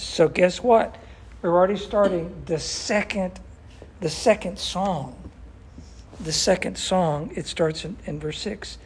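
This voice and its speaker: A man's voice: fairly high pitch, moderate pace, darkish tone, slightly rough. Older man teaching an earnest Bible study. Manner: earnest, emphatic, asks the class questions.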